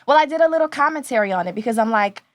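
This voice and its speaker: A woman from New Orleans in her thirties, a news anchor talking as a podcast guest, confident and animated, laughing often. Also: on the high side, very fast, no room sound. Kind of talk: casual podcast interview.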